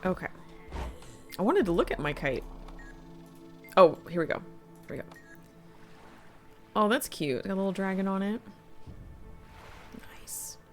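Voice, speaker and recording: A woman's voice: medium pitch, expressive, unhurried, pauses often, faint music behind. Chatty middle-aged woman game streamer. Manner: chatty, thinks aloud, reads quest text aloud. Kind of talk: casual live-stream commentary.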